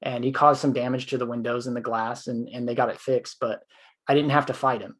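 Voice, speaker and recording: A man's voice: medium pitch, little pitch movement, fairly quick, fairly bright tone. A man co-hosting a podcast, telling a long story in casual conversation, rambling with fillers. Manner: former police officer. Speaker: podcast co-host.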